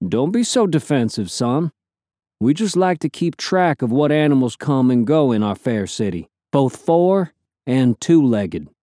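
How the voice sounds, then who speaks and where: A man's voice: mid-range voice, sing-song, measured pace, warm tone, no echo, studio quality. Man doing a wry Southern-accented lookout. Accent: mild Southern US. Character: guarded male city lookout, wry.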